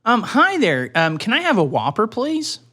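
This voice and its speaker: A man's voice: high voice, huge pitch swings, normal speed, sharp tone, pitched above the performer's own voice, heavily acted. A man playing a confused, pushy male customer calling to order food, stammering and insisting. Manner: hesitant, stammering, stubborn.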